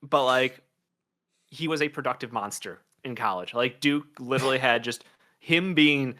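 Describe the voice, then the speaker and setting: Bright-voiced man breaking down draft picks. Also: mid-range voice, normal speed. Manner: talkative and analytical, thinks aloud. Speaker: co-host, draft analyst. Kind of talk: casual sports chat.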